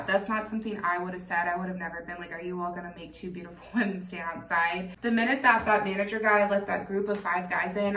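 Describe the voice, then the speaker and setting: A woman's voice: lowish voice, echoey room, distant mic. Chatty woman telling a story. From Kentucky. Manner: animated, candid, laughs often, swears freely. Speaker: vlogger. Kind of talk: casual storytime while doing makeup.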